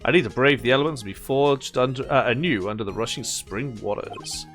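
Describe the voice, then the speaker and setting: A man voicing a cheerful, bubbly teenage girl spirit medium in a high, chirpy, eager voice. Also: fairly quick, fairly bright tone, soft background music, natural voice.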